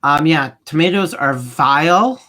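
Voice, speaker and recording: A man's voice: on the high side, a little slow, pushed and bright. A man co-hosting a casual livestream chat, emphatic and dramatic about foods he dislikes. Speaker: co-host.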